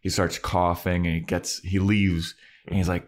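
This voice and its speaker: Low-voiced man recapping a TV episode. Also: level tone, moderate pace. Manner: retells scenes acting out characters' lines, laughs often. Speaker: podcast co-host. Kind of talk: casual recap chat.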